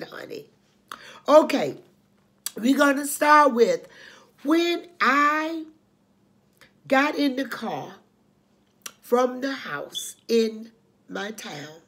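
Older woman, slow unhurried delivery, personal testimony, preachy, husky throaty tone. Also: on the high side, a bit bright. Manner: preachy, calls listeners honey, repeats herself. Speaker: channel host telling her life story. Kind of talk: emotional personal testimony to camera.

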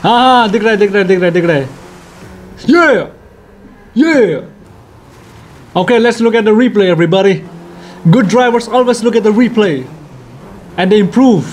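Excitable high-voiced Indian man. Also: very fast, a little hiss or hum. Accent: Indian English. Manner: excitable, playful, jokey, bursts of shouting. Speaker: gaming YouTuber. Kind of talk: let's-play racing commentary.

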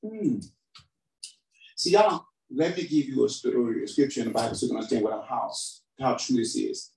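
A man preaching a sermon as pastor, calling for responses from the congregation and swinging between shouted emphasis and quiet, low asides. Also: brisk, gravelly. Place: church hall. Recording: roomy hall sound from a distant mic.

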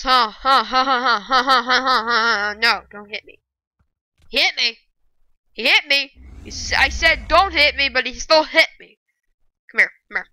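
Bright, excitable high-pitched gamer woman. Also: clean tone, no echo. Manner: excitable, bursts into loud shouting rants. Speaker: gaming video creator. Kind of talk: live gameplay commentary.

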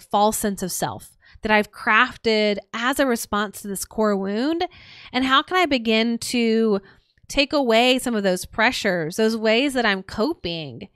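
Woman podcast host talking earnestly, lots of "like"s, higher voice, dry close sound. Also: a bit bright, clean tone, no room sound. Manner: earnest, repeats phrases in lists, frequent "like" fillers. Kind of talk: solo reflective podcast talk.

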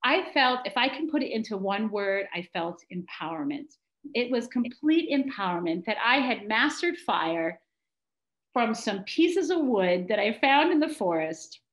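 A middle-aged woman telling a personal story on stage, animated and dramatic. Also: fairly high pitch, measured pace, highs cut off. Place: congregation hall on stage. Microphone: stage mic with feedback. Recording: echoey hall.

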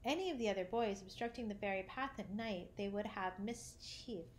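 A woman narrating a children's classic, reading gently and lifting her voice for the characters' lines. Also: medium pitch, normal speed, a little hiss or hum. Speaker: audiobook narrator. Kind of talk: storybook reading.

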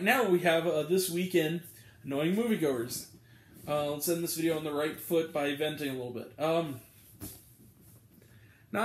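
Young male movie reviewer, high-ish voice, chatty, filler-heavy, echoey room. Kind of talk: casual video review. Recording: roomy echo.

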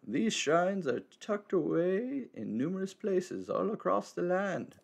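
Man doing a cryptic old hermit, gravelly, lively pitch, slow and measured, game dialogue read aloud. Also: full character voice. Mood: cryptic, teasing. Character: mysterious old male hermit, cryptic and teasing.

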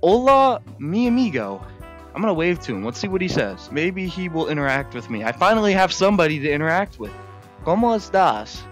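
A man giving excited, chatty commentary to his viewers while he plays a video game in a room at home. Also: a little high, fast talker, few pauses, faint music behind. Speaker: gaming YouTuber.

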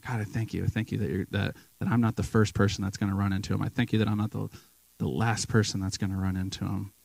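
A man's voice: on the low side, vocal fry, darkish tone, breathy edge, no echo, poor audio. A man sharing casual testimony stories in a church, acting out the people he quotes. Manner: storytelling, acts out quoted people. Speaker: guest speaker at church. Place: church sanctuary.

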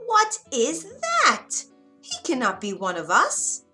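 A woman voicing rude newborn ducklings in an animated storybook, shrill and mocking. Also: a little slow, soft background music, exaggerated voice. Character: squeaky, rude little ducklings.

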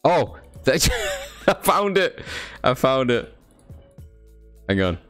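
Speaking slowly at a medium pitch, this young British streamer sounds very animated and a bit bright. He casually thanks viewers, reads chat aloud, and swears now and then over soft background music.

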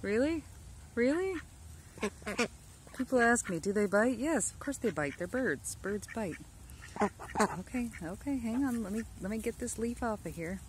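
A woman's voice: on the high side, animated, normal speed, a little hiss or hum. A woman outdoors in her backyard, talking in a cooing, affectionate baby-talk way to her ducks while filming them on a handheld phone. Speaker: backyard duck keeper. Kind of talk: casual vlog talking to pets. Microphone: handheld phone camera.

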